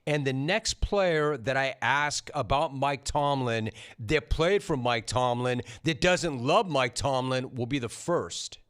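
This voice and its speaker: A man's voice: medium pitch, slow, hardly any pauses, fairly bright tone, clean tone. A man hosting a sports talk show, interviewing a guest with emphatic, repetitive phrasing. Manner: emphatic, repeats phrases for effect. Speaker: sports radio host.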